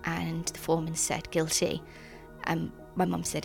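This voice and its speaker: A young woman giving an earnest personal account in an interview, halting often with ums and restarts. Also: low-pitched, completely flat delivery, creaky, faint music behind. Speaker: interviewee, sister of a convicted man.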